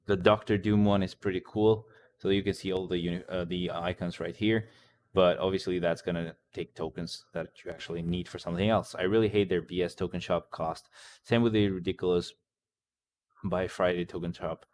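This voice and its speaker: A man with a very low voice chats casually through a game's patch notes. He rambles in an offhand way, reads lines aloud and answers chat, swearing now and then. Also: steady tone, fairly quick, darkish tone. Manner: occasional swearing. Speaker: gaming channel host.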